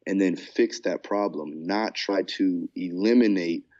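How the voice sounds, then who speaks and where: A man's voice: low voice, measured pace, a little mellow, lo-fi sound. A man co-hosting a podcast as a fight coach, talking in a laid-back, casual way and often saying "man". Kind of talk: casual chat.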